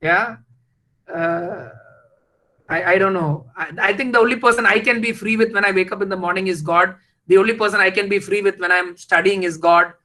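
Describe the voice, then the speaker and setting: A man giving an emotional, rhetorical motivational talk full of halting restarts. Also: high-pitched, pushed and bright, rough recording. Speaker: invited speaker.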